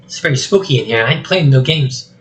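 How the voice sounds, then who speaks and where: A man voicing a loud, jittery talking male donkey while reading a script aloud, with high excitable chatter. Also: fairly quick, lightly acted, low-quality recording. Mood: panicked. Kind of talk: solo script reading with voices.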